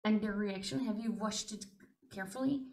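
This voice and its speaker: A woman's voice: mid-range voice, a little fast, gravelly, a little mellow. A woman in a casual podcast discussion, explaining her point emphatically.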